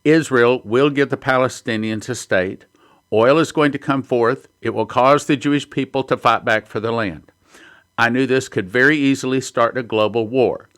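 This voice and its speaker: A man's voice: medium pitch, normal speed, fairly bright tone. Earnest man preaching prophecy. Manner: earnest, reads headlines and quotes aloud. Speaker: prophecy ministry host. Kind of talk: sermon-style prophecy teaching.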